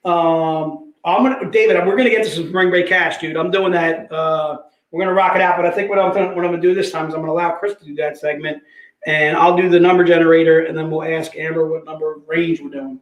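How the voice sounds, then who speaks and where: A man hosting a casual livestream sales pitch, chatty, repeating prices and item numbers, calling viewers "dude". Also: steady tone, fast, reverberant, rough recording.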